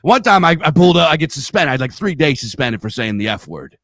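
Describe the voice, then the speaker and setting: His voice fairly high and swinging widely in pitch, a middle-aged Pennsylvania podcast host speaks fast and rambles through stories, swearing freely in casual chat. The fairly bright, Pennsylvania-accented sound comes from a studio mic on a live stream, with no room sound.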